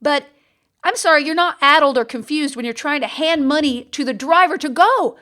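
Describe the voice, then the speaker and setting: A woman's voice: high voice, moderate pace, bright, forceful tone. A woman hosting a podcast, telling a story in a chatty, casual monologue full of fillers and restarts. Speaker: podcast host.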